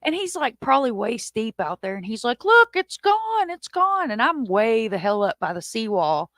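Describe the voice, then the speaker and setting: A woman hosts a live online chat and tells a tale with lots of energy and cursing. She jumps into louder, higher voices for the people she quotes. The sound is close and dry. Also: normal speed, no echo. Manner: animated, swearing, acts out quotes in a raised voice. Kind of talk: casual storytelling.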